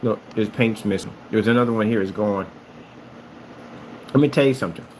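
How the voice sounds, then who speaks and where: A man's voice: fairly low pitch, brisk, a little mellow, slight background noise. A man who makes screen paint rants at a rival in a combative, mocking tone, repeating his jabs. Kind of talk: ranting vlog.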